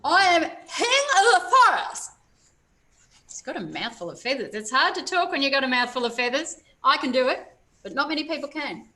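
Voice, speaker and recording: At children's story time, a woman library storyteller reads a picture book in a high, fast voice. She's animated and tosses playful asides to her young listeners.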